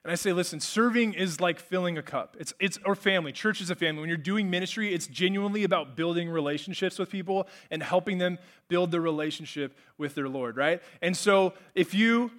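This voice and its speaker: A man preaching a lively, joking sermon to a congregation in a church. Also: high-pitched, brisk, few pauses. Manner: energetic, joking, conversational. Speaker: pastor. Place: church sanctuary with live congregation.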